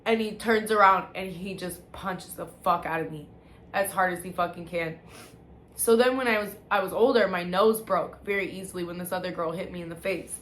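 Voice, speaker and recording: A woman's voice: fairly low pitch, a bit bright. Candid, swearing woman in an echoey room. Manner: candid and profane, with halting restarts. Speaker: vlogger sharing personal testimony. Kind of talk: casual confessional storytelling. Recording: echoey room with faint background noise.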